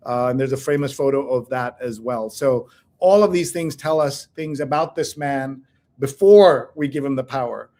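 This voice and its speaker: A man in the middle of his range co-hosts a casual chat with blunt, opinionated commentary. He reads headlines aloud to his partner and reacts to them with quick asides. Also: mid-range voice, dark tone. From India. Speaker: co-host.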